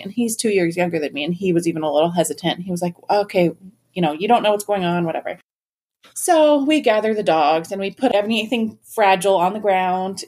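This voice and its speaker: A woman in her thirties telling funny personal stories as a podcast guest, self-mocking and animated, with lots of "like". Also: lowish voice. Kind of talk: casual storytelling.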